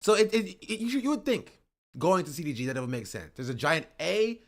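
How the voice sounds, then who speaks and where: On a stream, an American man rambles through a travel story at a fairly quick clip. His voice is on the high side and very animated, and he keeps asking "right?" and "you know?" as he goes.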